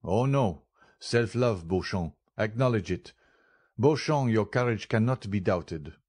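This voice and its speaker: A man reading aloud plays an impatient young nobleman, proud and sharp-tongued. The voice is low and clipped, recorded close in a dry space. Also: animated, measured pace, no echo. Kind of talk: audiobook character reading.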